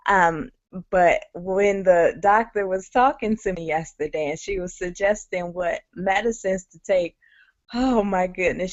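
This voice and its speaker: A woman's voice: on the low side, no echo. Candid woman telling her story, lo-fi. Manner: candid, conversational, many fillers. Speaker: guest speaker. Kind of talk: personal story on a webinar. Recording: muffled lo-fi audio.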